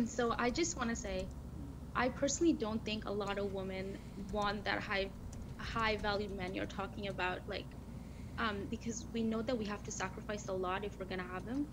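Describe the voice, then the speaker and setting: A woman in her twenties calling into a show, speaking hesitantly with frequent ums and throat clearing. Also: medium pitch, fairly even intonation, moderate pace, noisy background. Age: 20s. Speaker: caller. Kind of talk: call-in conversation.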